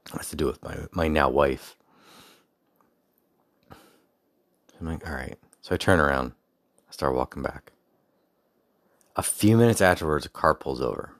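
Very deep-voiced man telling a story. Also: no room sound, clean studio sound. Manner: rambling, with frequent restarts and asides; faith-focused reflection. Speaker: podcast host. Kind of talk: casual personal storytelling.

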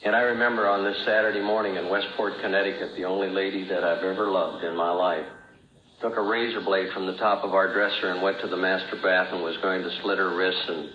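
Here a middle-aged recovery speaker tells his personal story earnestly, his storytelling lifting and sinking, though his intonation stays fairly even and he speaks fairly quickly. There's slight background noise on this dull, roomy old recording.

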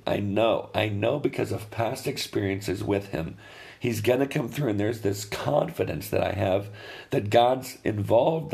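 A man's voice: lowish voice, creaky, a little mellow. A man preaching a sermon in an earnest, conversational way, often restarting his phrases. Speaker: pastor.

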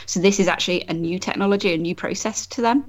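A woman's voice: medium pitch, fast. A woman photographer talking as a guest in a casual podcast conversation, chatty and friendly, with many fillers and restarts.

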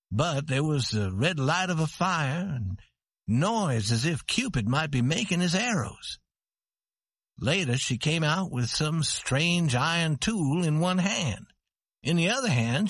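Male narrator, slow learner-friendly storytelling, husky tone, dry close sound. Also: fairly high pitch, no room sound. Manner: slow, clear, expressive.

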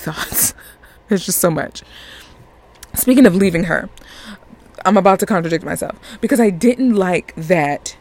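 Chatty woman podcast host. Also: lowish voice. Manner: animated, chatty, laughs often. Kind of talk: casual movie review chat.

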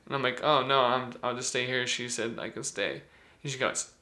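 A man's voice: medium pitch, normal speed, pushed and bright. A young man casually telling a rambling story with lots of fillers, laughing as he goes.

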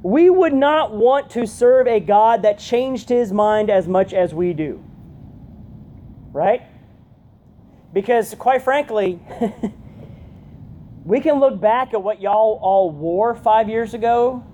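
A woman giving a conversational youth sermon, often checking in with her listeners with a quick "right?". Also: on the high side, lively intonation, mellow, a little hiss or hum. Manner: chatty, keeps asking "right?". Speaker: youth pastor.

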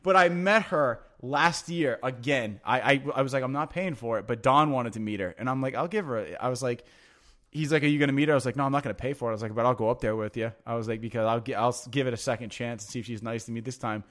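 A man in his own relaxed talking voice, spinning loose, meandering stories. He swears freely and leans hard on fillers like "like" and "you know," restarting as he goes. It sounds like easy, offhand banter between friends. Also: medium pitch, quick pace. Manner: rambling, profane, filler-heavy anecdotes. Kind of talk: casual storytelling chat.

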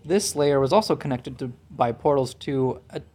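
A man's voice: medium pitch, animated, moderate pace, darkish tone. A young man co-hosting a casual podcast chat, jokey and loose, laughing often. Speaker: podcast co-host.

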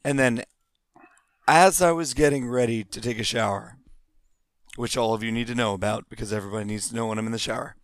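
A man's voice: medium pitch, quick pace, no room sound, studio quality. A man co-hosting a podcast in casual chat, teasing and sarcastic. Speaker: podcast co-host.

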